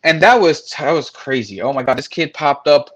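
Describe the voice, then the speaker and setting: A man's voice: a little high, lively intonation, normal speed, fairly bright tone. A man frankly telling a personal story, blunt and profane, acting out what others said. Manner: frank, profane, acts out quoted voices.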